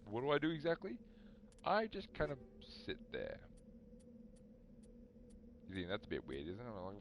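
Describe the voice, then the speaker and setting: A man's voice: deep voice, moderate pace, pauses often, slight background noise, low-quality recording. A young man rambling through a story on a live stream, talking back to his chat. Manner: rambling, animated, talks to chat.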